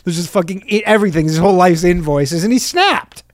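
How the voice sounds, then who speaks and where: A man's voice: high voice, lively intonation, brisk, dry recording, studio quality. A man co-hosting a comedy podcast, reading out headlines and mocking them in casual banter. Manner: reads out article headlines with mocking asides.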